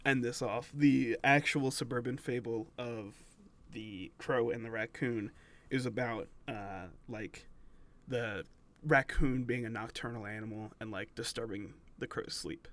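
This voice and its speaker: A man with a mid-range voice co-hosts a relaxed podcast conversation. He chimes in with dry, darkly joking asides and laughs freely. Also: mid-range voice, measured pace. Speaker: podcast co-host. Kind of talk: casual chat.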